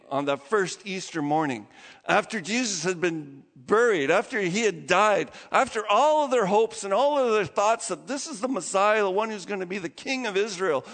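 A male pastor delivering a sermon, his voice pitched high for a man and lively as he tells stories. He laughs and acts out the people he quotes. His voice rings with the long reverb of a church hall. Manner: animated storytelling with laughs and acted quotes.

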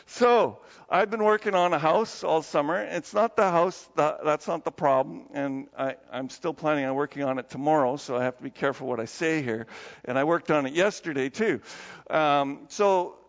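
A man preaching a sermon in a fairly high, gravelly voice. He tells stories with animated energy. The sound is dull and carries a long church reverb. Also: moderate pace. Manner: storytelling, grows animated with raised pitch when quoting; soft, low prayer voice. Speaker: pastor. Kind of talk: sermon with opening prayer. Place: church sanctuary.

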